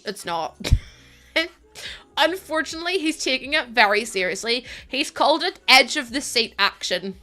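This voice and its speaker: Bright-voiced chatty woman streamer. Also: high voice, expressive, normal speed, faint music behind. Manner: chatty, laughs often, reads out and thanks chat. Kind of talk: casual live-stream chat.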